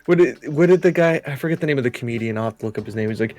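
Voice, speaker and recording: Mid-pitched man joking on a game stream. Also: expressive, rapid-fire, few pauses, darkish tone, soft background music. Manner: joking, teasing. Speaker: co-host on a gaming stream. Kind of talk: casual banter.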